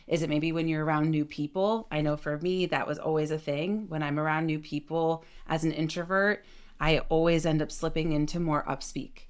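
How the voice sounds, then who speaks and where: A young woman voice coach giving a short, clear, deliberate lesson on speaking. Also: low voice, steady tone. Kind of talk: short instructional talk.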